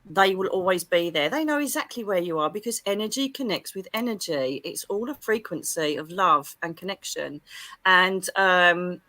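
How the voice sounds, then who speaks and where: A middle-aged woman, a psychic medium, talking in a chatty, animated way full of exclamations on a livestream. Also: fairly low pitch, normal speed, no room sound. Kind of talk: casual livestream chat.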